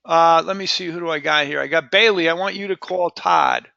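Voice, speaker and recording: Male sales coach, high gravelly voice, punchy repetitive delivery, dry dull recording. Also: a little fast, no echo. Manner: energetic, repeats words, says "boom". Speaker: sales trainer. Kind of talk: coaching a live training session.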